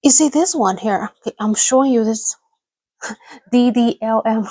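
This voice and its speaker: Woman streamer, unhurried rambling chat with viewers, laughs a lot, dry close mic. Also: a little high, warm tone, husky, dry recording, low-quality recording. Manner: chatty, rambling, laughs often, reads chat aloud. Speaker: livestream host. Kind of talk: casual livestream chat with viewers.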